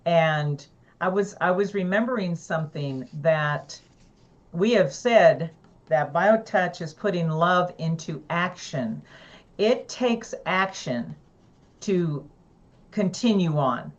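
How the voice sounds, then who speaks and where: Slow-talking woman co-host, lo-fi sound. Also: on the low side, expressive. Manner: earnest, reflective, unhurried. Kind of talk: casual chat.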